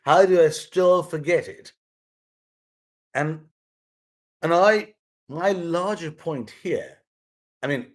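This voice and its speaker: A man hosting his own vlog, talking through a life lesson in a casual, rambling, earnest way with frequent restarts. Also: mid-range voice. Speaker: vlog host sharing his mother's lessons. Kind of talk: casual reflective monologue.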